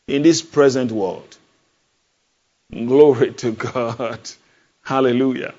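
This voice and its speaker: Male pastor, mid-pitched, preaches with emphatic questions and repetition; lo-fi capture. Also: steady tone, slow, pauses often, darkish tone. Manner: emphatic, call-and-response questions, repeats phrases. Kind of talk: sermon. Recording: dull lo-fi sound.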